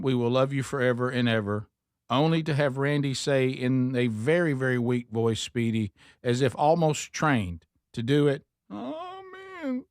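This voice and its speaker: A radio talk show host reads a listener's email aloud in a mid-range pitch, stopping now and then to toss wry asides to his co-hosts. The studio sound is close and dry, with no room echo.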